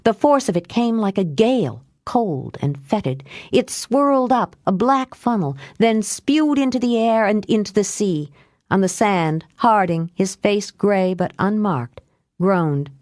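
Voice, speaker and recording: A woman narrating an audiobook in a measured, unhurried way. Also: mid-range voice, lively intonation, a little mellow, no echo, clean studio sound. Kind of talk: scripted narration.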